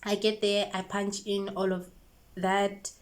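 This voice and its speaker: South African woman vlogger, animated storyteller, acts out both sides of the chats, mid-pitched voice. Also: slow. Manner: lively storytelling, acting out texts and chats. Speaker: YouTuber and make-up artist. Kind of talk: storytime vlog.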